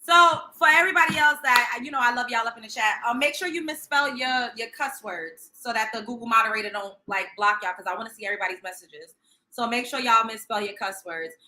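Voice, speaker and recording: High bright-voiced woman ranting. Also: fast talker, a little hiss or hum. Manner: profane, sarcastic, emphatic. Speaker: livestream host. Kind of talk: heated reaction rant. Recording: roomy echo.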